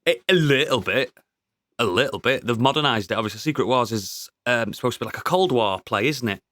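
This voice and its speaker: A man's voice: medium pitch, expressive, a little fast, sharp tone, dry recording. A British man who is feeling unwell, co-hosting a podcast in loose casual chat with swearing and fillers. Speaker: podcast co-host.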